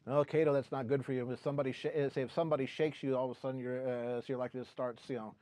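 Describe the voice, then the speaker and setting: A man's voice: mid-range voice, flat delivery, rapid-fire, darkish tone, no echo. A man co-hosting a stream, joking around and reading a sponsor thanks with hesitant fillers. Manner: joking, hesitant, with many uh's. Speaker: co-host. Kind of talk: casual chat with a sponsor shout-out.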